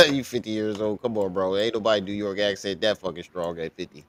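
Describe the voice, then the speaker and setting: A man's voice: fairly low pitch, brisk, a bit bright. A man hosting a livestream, reacting to clips with casual commentary, laughing often and talking profanely. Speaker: livestream host.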